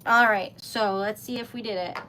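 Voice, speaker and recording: Casually chatting on a crafting stream, a young woman making wax seal stickers giggles, pokes fun at herself, and gushes with excitement over her work. Her voice is medium in pitch and moderately paced, over a little hiss or hum.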